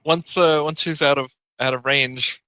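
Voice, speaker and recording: Bright-voiced man playing a tabletop game. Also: mid-range voice, steady tone, measured pace, no room sound, low-quality recording. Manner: casual, hesitant with fillers. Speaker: player.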